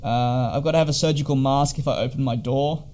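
A man's voice: mid-range voice, steady tone, brisk, mellow. A man chatting casually in a vlog about hotel quarantine, rambling and wry with lots of fillers. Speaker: vlogger.

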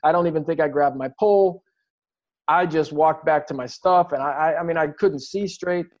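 A man's voice: a little high, normal speed. A man telling his story in an interview, earnest and reflective, often restarting his sentences. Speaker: guest athlete. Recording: dull lo-fi recording.

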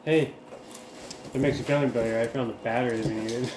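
A man's voice: medium pitch, fairly even intonation, fast, reverberant, noisy background. A man playing in a tabletop zombie game, playful and laughing often. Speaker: player. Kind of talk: casual tabletop play.

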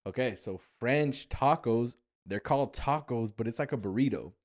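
A young man from Las Vegas hosting a casual podcast chat, telling travel stories with lively, swearing energy. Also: mid-range voice, normal speed. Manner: animated storyteller, swears freely. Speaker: podcast host.

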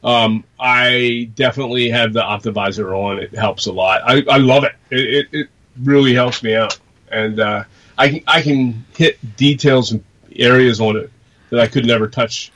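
A man's voice: mid-range voice, moderate pace, a bit bright, low-quality recording. A man from North America co-hosting a podcast, talking casually with hesitant restarts. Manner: hesitant, many fillers and restarts. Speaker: podcast co-host. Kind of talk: casual chat.

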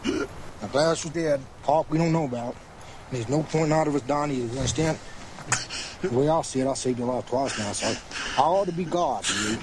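An actor playing a menacing frontier trapper in film dialogue, threatening and drawling. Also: male voice, medium pitch, brisk, natural voice. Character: menacing frontier trapper, grown man, brutal. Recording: film audio with loud outdoor noise.

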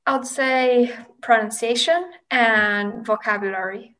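Woman, slightly high voice. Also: fairly even intonation, a little slow, a bit bright, poor audio. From Argentina. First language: Spanish. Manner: thoughtful, with frequent "like" fillers. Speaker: podcast guest. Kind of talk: casual interview chat.

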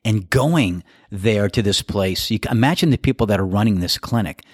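Older male podcast host, low-pitched, animated, candid storyteller, dry close sound. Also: moderate pace, no echo. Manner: laughing storyteller, candid and crude. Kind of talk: casual chat.

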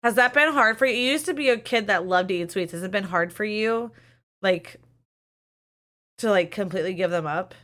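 A woman's voice: medium pitch, moderate pace, fairly bright tone. A young adult woman hosting a live-streamed podcast in casual chat, telling stories candidly with strong emotion and swearing. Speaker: podcast host. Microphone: webcam or desk mic on a live stream.

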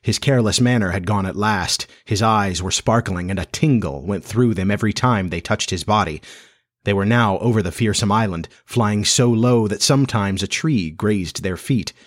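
A man reading a storybook aloud as narrator, with measured, even storytelling. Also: lowish voice. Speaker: audiobook narrator.

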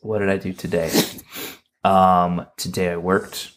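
A man's voice: low-pitched, level tone, a little slow, slight background noise. A man co-hosting a casual chat podcast, with a dry, teasing way of reacting to stories. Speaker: podcast co-host.

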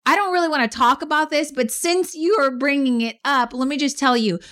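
A woman co-hosting a casual podcast chat, telling stories in an animated, emphatic way. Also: high-pitched, brisk. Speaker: podcast co-host.

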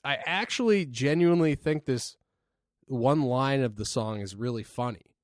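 Recorded dry at studio quality, this man speaks with a medium pitch and moderate pace as a podcast co-host. His storytelling is relaxed and meandering, and his casual chat is packed with filler words.

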